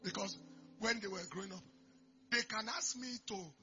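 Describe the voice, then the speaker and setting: A man preaching a sermon, moving from quiet storytelling to loud shouted declarations. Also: sits high, very animated, normal speed. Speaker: pastor. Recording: dull lo-fi recording with faint music.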